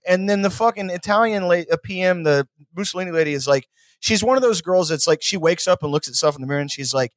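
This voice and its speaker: A man's voice: high-pitched, fast talker, no room sound, clean studio sound. A man from Texas, a podcast guest, rambling through comedic chat and mocking people he talks about. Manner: rambling, mocking impressions of politicians.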